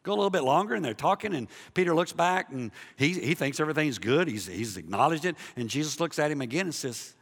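A man preaching a sermon as a pastor, passionate, dropping to a hush and then building loud again, often repeating himself. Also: on the high side, animated, fast, vocal fry, hardly any pauses, long reverb tail. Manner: impassioned, swings between hushed and loud, repeats himself.

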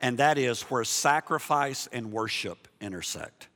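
A man preaching a sermon in a church, animated, moving from loud emphasis to hushed softness, with jokey asides to the congregation. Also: mid-range voice, measured pace, in a large hall. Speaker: pastor. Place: church sanctuary.

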